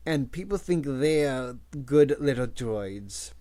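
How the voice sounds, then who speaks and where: A man's voice: medium pitch, animated, takes it slowly, warm tone. A man reading the part of a wry older police officer who teases his friend.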